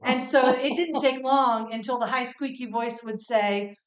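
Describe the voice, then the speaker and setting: A woman's voice: on the high side, fairly even intonation, a little slow. A woman, co-hosting a casual cooking chat in a playful, teasing way. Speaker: co-host. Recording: echoey kitchen.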